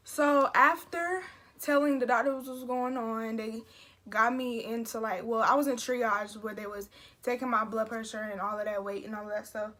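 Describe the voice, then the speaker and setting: A young woman talks straight to camera in a casual storytime vlog. She rambles and restarts her sentences, piling up fillers as she relives an emotional story. Her voice sits a little on the high side. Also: steady tone, moderate pace, pushed and bright. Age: young adult. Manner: chatty, emotional retelling with many fillers and restarts. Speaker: vlogger.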